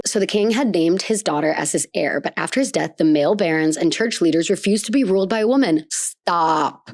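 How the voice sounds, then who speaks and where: A woman hosting a podcast, reading a folk tale aloud and breaking in with playful, excited asides. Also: fairly low pitch, brisk, hardly any pauses, dry recording, clean studio sound. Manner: bubbly, playful, reacts with gasps and squeals. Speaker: podcast host.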